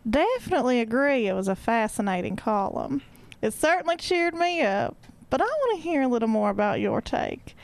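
A woman plays a wry older columnist, reading scripted lines in a measured, plain way. Her voice sits high. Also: big pitch swings, no room sound. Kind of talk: comedic dramatic reading.

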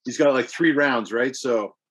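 Man, casual chat, animated game storytelling, swears. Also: mid-range voice, unhurried, husky.

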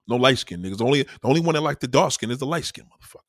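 Male stand-up comic, lively swinging pitch, husky, dry close sound. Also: rapid-fire, dry recording. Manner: profane, animated, acts out quoted voices. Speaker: stand-up comedian. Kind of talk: stand-up comedy routine.

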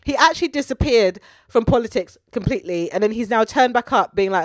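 A woman's voice: medium pitch, animated, moderate pace, few pauses, dry recording, studio quality. A woman, co-hosting a podcast in casual, swearing chat. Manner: chatty, swearing, laughing. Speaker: podcast co-host.

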